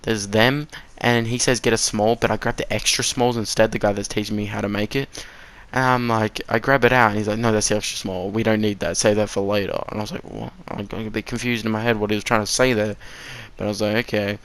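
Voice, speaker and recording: A teenage boy rambles through a casual story time, swearing freely and laughing at his own slips. His voice sits fairly low for his age and comes through smooth and clean. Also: steady tone, fast talker, fairly bright tone. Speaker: vlogger.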